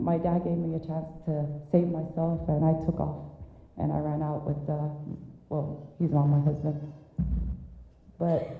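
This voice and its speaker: Middle-aged woman, low voice, telling family stories at a memorial, echoey hall, tinny phone-ish sound. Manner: candid storytelling with self-deprecating asides. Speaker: daughter giving a eulogy. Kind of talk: personal memorial speech.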